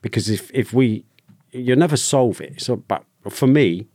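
A British man, a former soldier, telling a personal story openly in a podcast conversation, with halting restarts. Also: medium pitch, expressive, mellow, no room sound. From Britain. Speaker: guest, ex-soldier.

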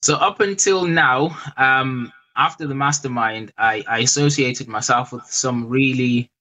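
A man guest in an interview, speaking hesitantly with frequent pauses and restarts. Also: mid-range voice, pushed and bright, rough recording. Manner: hesitant, many fillers and restarts. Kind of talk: casual interview.

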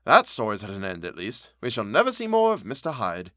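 A man reading a sociable gentleman on a walk in a story reading, brisk and wry at his own expense. The voice is dry and close to the mic. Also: on the low side, wildly swooping pitch, no room sound, exaggerated voice.

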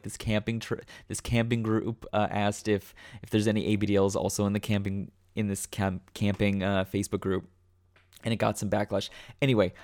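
A man's voice: fairly low pitch, a little mellow, dry recording, studio quality. A man hosting his own podcast, talking casually off the cuff with many fillers and restarts. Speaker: podcast host. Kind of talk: casual solo podcast talk. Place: home room.

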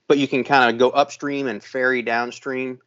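A man's voice: mid-range voice, little pitch movement, moderate pace, fairly bright tone. Profane storytelling man, lo-fi sound. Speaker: podcast host. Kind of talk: casual storytelling.

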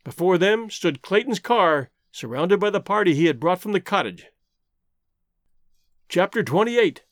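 A male narrator reads a classic adventure story aloud in an expressive, dramatic way. His voice sits high for a man and swings widely as he builds each passage. The recording is close and dry, with no room sound. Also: unhurried, no room sound. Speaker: audiobook narrator.

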